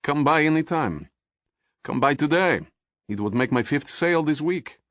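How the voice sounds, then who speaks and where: A man's voice: on the high side, animated, moderate pace, fairly bright tone, no echo, clean studio sound, pitched above the performer's own voice. A man voicing a smug, effusive male painter with a Russian accent.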